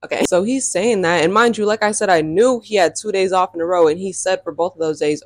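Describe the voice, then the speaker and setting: A young woman telling a dating story in a casual storytime vlog, sassy and animated and laughing often. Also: fairly low pitch, fast talker, few pauses, dry recording, studio quality.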